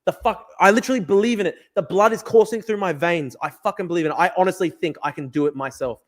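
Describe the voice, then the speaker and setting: A man's voice: high voice, quick pace. Fired-up, swearing man. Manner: fired-up, profane, rambling. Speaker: livestream host. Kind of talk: casual livestream talk reading chat. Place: at a desk at home. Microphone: desk camera mic.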